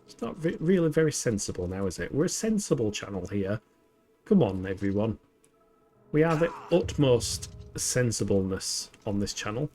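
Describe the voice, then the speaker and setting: A man's voice: lowish voice, sing-song, moderate pace, darkish tone. Man, young, game streamer, playful giggly banter, desk mic, faint game music behind. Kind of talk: casual gameplay livestream. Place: home gaming setup.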